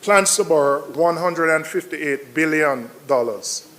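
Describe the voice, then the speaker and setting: A man's voice: on the high side, animated, unhurried, a bit bright. Combative man debating in parliament. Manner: combative, emphatic, repeats rebuttals. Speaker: opposition finance spokesman in parliament. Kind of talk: parliamentary budget debate speech.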